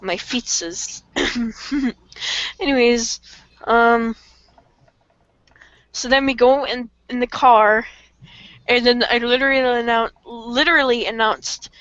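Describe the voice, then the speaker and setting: A woman's voice: fairly high pitch, fairly even intonation, slow pace, pauses often, a bit bright, clean tone, dry recording. A young woman co-hosting a podcast, telling a childhood story in a giggly, self-mocking way with lots of fillers, over a voice call. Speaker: podcast co-host. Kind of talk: casual storytelling chat on a voice call. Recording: dull lo-fi call audio, dry.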